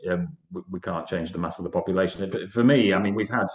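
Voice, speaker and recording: A man with a British accent, a party guest in an interview, talking earnestly and quickly with many restarts. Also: low-pitched. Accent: British English. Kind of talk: conversational interview. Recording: echoey, dull lo-fi audio.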